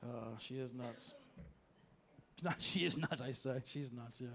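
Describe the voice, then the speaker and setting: A man doing a stand-up comedy set on a club stage, telling stories in an animated way and breaking into shouted bits. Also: medium pitch, measured pace, vocal fry, background noise. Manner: animated storytelling, bursts into shouted impressions.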